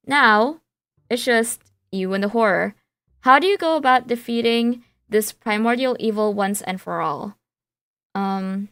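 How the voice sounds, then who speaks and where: A woman's voice: medium pitch, fairly bright tone, no room sound. A woman streaming a surreal game, reading its text aloud and chatting in a playful, rambling way. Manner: playful, rambling with fillers and restarts.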